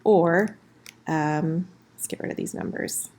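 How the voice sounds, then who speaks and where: Woman teacher, lowish voice, casual explainer, slows for examples, typing in the background. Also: darkish tone. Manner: friendly, slows down for example phrases. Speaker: French teacher. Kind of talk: casual recorded lesson at a whiteboard.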